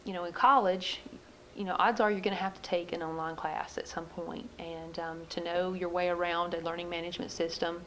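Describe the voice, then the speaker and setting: Flat-voiced woman educator. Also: fairly low pitch, brisk, a little hiss or hum, poor audio. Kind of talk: documentary interview.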